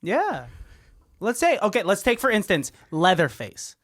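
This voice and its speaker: A man's voice: high-pitched, huge pitch swings, a little slow, fairly bright tone, no echo, clean studio sound. A man co-hosting a podcast in casual chat, playful and laughing often. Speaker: podcast co-host.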